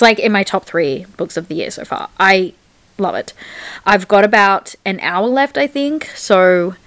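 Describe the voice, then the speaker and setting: A woman's voice: mid-range voice, no echo. A young woman chatting casually in a reading vlog, gushing about a book with lots of filler words. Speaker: book vlogger.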